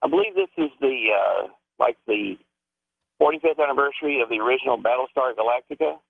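A man's voice: medium pitch, sing-song, quick pace, vocal fry, no room sound. A man from Texas calling a radio show, politely and hesitantly making a suggestion. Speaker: caller. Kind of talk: phone-in chat. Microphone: phone. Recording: tinny dry phone line.

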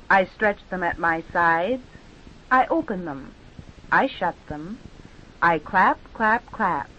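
A woman guides children through stretches and face games, stretching out her words in a calm, patient way. Her pace is very slow and her pitch sits in the middle range. The recording sounds muffled and lo-fi. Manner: slow, patient, drawn-out instructions. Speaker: teacher leading a children's exercise. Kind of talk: guided movement and speech exercises for children. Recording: dull lo-fi recording.

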